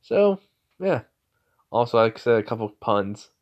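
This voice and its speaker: A man's voice: medium pitch, big pitch swings, a little slow, darkish tone. A sleepy man improvising fan-fiction narration late at night, rambling with lots of fillers. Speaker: storyteller. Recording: slightly muffled lo-fi audio.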